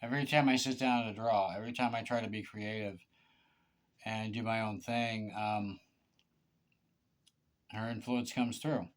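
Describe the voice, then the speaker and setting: A man speaks in a fairly low register with a smooth, clear tone. He talks straight to one person in a confessional monologue, halting and aggrieved, stumbling into repeated words and restarts as he pleads his case. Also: steady tone. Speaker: vlogger.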